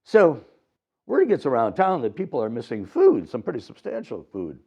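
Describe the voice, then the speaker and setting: A man giving a dharma talk at a temple, retelling a story with lively acted-out voices. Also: a little high, normal speed, creaky, breathy edge. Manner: animated retelling, acts out voices. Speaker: Buddhist teacher. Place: temple hall. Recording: dull lo-fi recording.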